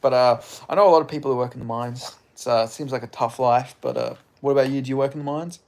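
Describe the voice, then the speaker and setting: A young man with a mild Australian accent chats casually on a livestream, reading out comments and answering them. His manner is laid-back and loose, full of casual swearing, and his voice sits at an everyday middle pitch. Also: steady tone, quick pace, gravelly, a little mellow. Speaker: streamer answering chat.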